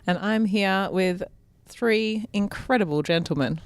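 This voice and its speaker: A woman's voice: mid-range voice, measured pace, vocal fry, no room sound. A woman with an Australian accent, chatting in an upbeat way on a podcast. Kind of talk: casual podcast chat.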